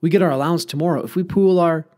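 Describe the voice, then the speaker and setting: A man's voice: fairly high pitch, very fast, darkish tone, voice pushed up, lightly acted. A man voicing a worried, cautious schoolboy who keeps asking questions, in a storybook reading. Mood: anxious. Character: anxious schoolboy narrator, cautious.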